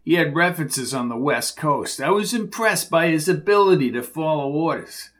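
A man's voice: on the high side, lively intonation, normal speed, a bit bright. A man doing an older Rhode Island mob boss. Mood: cool menace. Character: older silver-haired mob boss, calm and cold.

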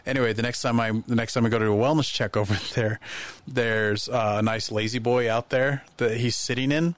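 A man in casual podcast chat, telling lively anecdotes and acting out the voices of people in them. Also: mid-range voice, brisk. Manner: animated anecdotes, acts out quoted voices. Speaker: podcast guest.

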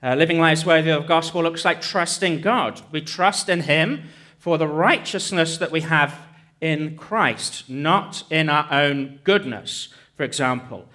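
A man's voice: on the high side, unhurried, sharp tone. A man preaching a sermon as pastor, joking conversationally on a hands-free mic in a church. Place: church hall. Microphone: hands-free headset mic.

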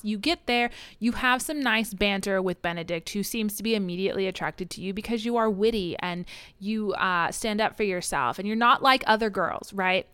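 A woman co-hosting a casual book podcast, recapping a novel with lively acted-out lines and laughter. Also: medium pitch, moderate pace, smooth, no room sound. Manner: animated retelling, acting out characters' lines with swearing and laughs. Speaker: podcast co-host. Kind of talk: casual book-club chat.

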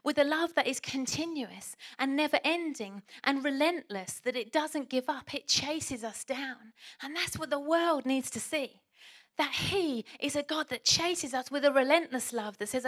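A woman preaching a passionate sermon, swinging from loud exhortation to hushed whispers. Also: high voice, normal speed.

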